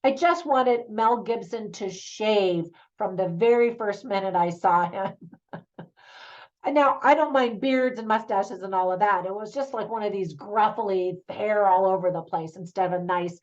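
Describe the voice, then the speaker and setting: A woman's voice: mid-range voice, normal speed, few pauses, darkish tone, muffled recording. A middle-aged woman giving a chatty, opinionated movie review in a casual spoken style. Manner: chatty, opinionated, laughs easily.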